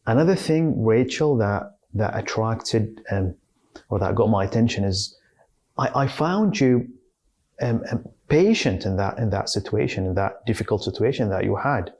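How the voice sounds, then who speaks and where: A man's voice: on the low side, expressive, moderate pace, darkish tone. A man hosting an interview, asking questions in a hesitant way with many restarts and fillers. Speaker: interview host.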